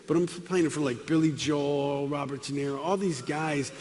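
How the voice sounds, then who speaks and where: Man, middle-aged, comic testimony, acts out voices, slightly high voice, long hall reverb. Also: moderate pace. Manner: animated, acts out dialogue with voices. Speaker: speaker giving a testimony. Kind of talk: comic storytelling testimony to a live audience. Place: large hall with live audience. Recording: long hall reverb, faint room noise.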